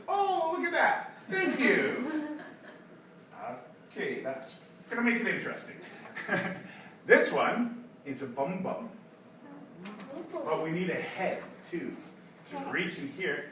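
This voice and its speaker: A woman teaching young children, telling a story and leading them through animal sounds in a slow, exaggerated, playful way. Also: on the low side, a bit bright. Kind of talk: storytelling and call-and-response lesson for children. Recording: echoey hall, voice from far off, background noise.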